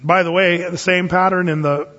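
A pastor teaching a conversational Bible sermon, reading scripture slowly and adding folksy, humorous asides. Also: male voice, sits high, steady tone, fairly bright tone. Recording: dull lo-fi sound with long hall reverb.

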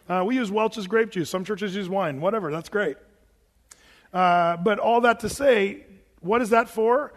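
A man's voice: high voice, normal speed. An American man preaching a sermon as pastor, in a conversational style full of asides and restarts. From United States. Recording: long hall reverb.

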